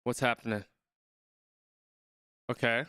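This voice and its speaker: A man's voice: mid-range voice, fairly even intonation, slow pace, pushed and bright, clear, resonant tone, dry recording, clean studio sound. A young man watching a rugby match live and chatting along, reading viewers' comments and thinking aloud, often trailing off mid-sentence. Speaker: streamer reacting to a rugby match.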